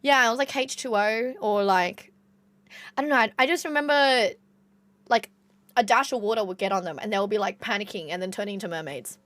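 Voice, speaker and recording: A woman's voice: mid-range voice, a little fast, fairly bright tone, no echo. A young Australian woman streamer with an Australian accent, chatting casually with her viewers, reading chat aloud and swearing now and then.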